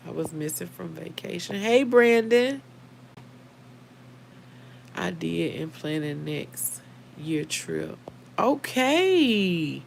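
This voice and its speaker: A woman's voice: sits low, level tone, unhurried, gravelly, slight background noise, rough recording. A middle-aged woman, hosting a casual livestream, heartfelt and emotional, talking straight to her viewers by name. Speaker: livestream host.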